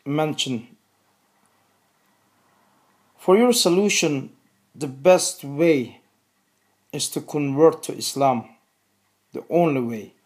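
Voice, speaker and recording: Man, Turkish accent, native Turkish speaker, earnest, repeats himself, unhurried. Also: fairly high pitch, a little mellow. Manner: earnest, repetitive, slow and deliberate. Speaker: video host. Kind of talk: religious appeal to camera.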